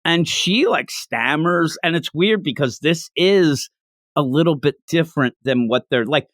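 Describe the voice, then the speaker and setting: A man hosting a manga review podcast, chatting casually in a rambling, animated way. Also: a little high, a little slow, dry recording, clean studio sound. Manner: animated, rambling, lots of fillers. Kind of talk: casual chat.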